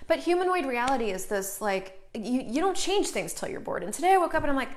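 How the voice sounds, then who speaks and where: A middle-aged woman with a slightly high voice hosts a casual live stream. She talks in a loose, chatty way and breaks off mid-sentence to greet viewers by name. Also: sing-song, quick pace, few pauses, a little hiss or hum.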